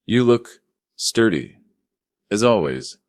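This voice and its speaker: Brief: man playing a menacing, silky wife, sharp-tongued, dry close mic. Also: deep voice, animated, moderate pace, dry recording. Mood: cold. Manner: purring, sharp. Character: cold scheming young wife, smooth and menacing.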